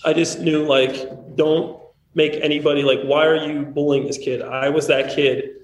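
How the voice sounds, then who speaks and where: A man's voice: a little high, little pitch movement, moderate pace, slight background noise. A man in his thirties, a podcast guest, telling stories in a candid, rambling way full of fillers. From Missouri small town. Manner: candid, rambling storyteller with many likes. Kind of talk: casual chat. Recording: roomy remote call audio with faint background.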